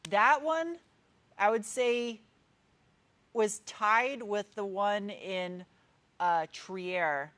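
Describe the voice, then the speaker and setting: A woman's voice: medium pitch, extremely slow, pauses often, fairly bright tone. A woman in her thirties with a New England accent, chatting casually and rambling as she answers viewers' comments during a live stream. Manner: chatty, rambling, meandering with frequent restarts. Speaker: car channel host.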